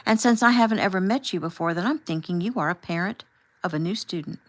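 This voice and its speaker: A woman voicing a calm, firm husband and father who asks measured, pointed questions as he confronts a chaperone in an audiobook. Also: high voice, close to an everyday voice, low-quality recording. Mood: polite probing.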